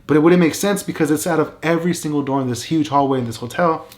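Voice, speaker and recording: Animated man telling a story, fairly high voice. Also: fast talker. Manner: animated, emphatic, many "like" and "right?" fillers. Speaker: vlogger. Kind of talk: casual storytelling.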